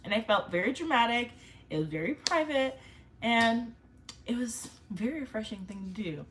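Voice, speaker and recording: A woman's voice: fairly high pitch, animated, moderate pace, fairly bright tone, slight background noise. A young woman vlogger in casual chat, chatty and self-mocking, laughing often.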